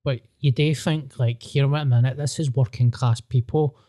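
A man's voice: medium pitch, steady tone, moderate pace, mellow, no room sound, clean studio sound. A Scottish man who is a stand-up comedian, chatting on a podcast in a blunt, self-mocking way. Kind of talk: casual podcast chat.

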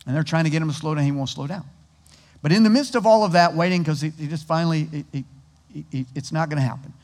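A man preaching a sermon in an easy, conversational style, with a fairly high voice that often restarts its phrases. His voice echoes with the long reverb of a large hall. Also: quick pace. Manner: conversational, animated storytelling with many restarts. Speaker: pastor.

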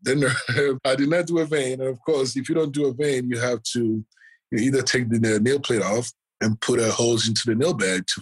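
A man's voice: medium pitch, husky, low-quality recording. A man, a surgeon, telling stories from his career in a casual, rambling way, full of fillers and small chuckles. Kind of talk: casual anecdotal storytelling.

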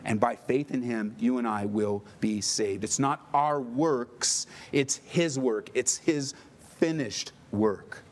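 A man's voice: medium pitch, slow pace. A middle-aged male pastor preaching a sermon with emphatic delivery and playful asides.

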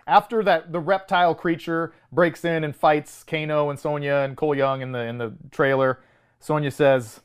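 On a film podcast, this co-host's voice is a little high, clear and resonant, at a normal pace. He laughs a lot while ridiculing movie lines, reciting them in a flat, dramatic tone during the casual banter.

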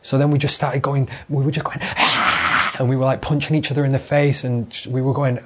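A man's voice: medium pitch, level tone, quick pace, a little mellow, slight background noise. A young British man hosting his own podcast, telling a long, sweary anecdote in a loose, rambling way. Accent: British English. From Britain. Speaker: podcast host. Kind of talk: solo rambling storytelling monologue.

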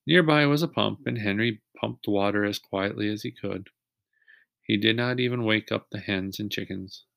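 A man reading a children's chapter book aloud in a steady voice, pausing now and then to ask young listeners questions. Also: lowish voice, gravelly, no room sound, clean studio sound. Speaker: reader.

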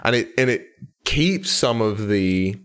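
Deep-voiced rambling man. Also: lively intonation, slow pace, a bit bright, clear, resonant tone. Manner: rambling, hedging, swears casually. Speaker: podcast co-host. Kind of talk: casual chat.

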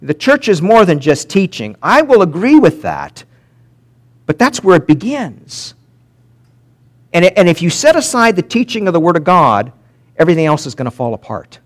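A male pastor delivering a sermon in a lively, animated voice that leaps up and falls away for emphasis. His voice sits a little higher than most men's, and he slows down deliberately when he reads scripture. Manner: animated preaching, rising and dropping sharply for emphasis; slows down to read scripture aloud.

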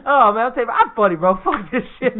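Animated high-voiced man telling funny stories. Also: fast. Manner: animated, laughs often, swears a lot. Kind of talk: casual comedic storytelling. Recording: tinny phone-like sound.

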